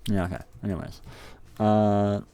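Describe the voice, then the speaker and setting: A man's voice: on the low side, level tone, unhurried, warm tone, clear, resonant tone, no room sound. A young man thinking aloud while building a game level, rambling and swearing to himself in casual, profane self-talk.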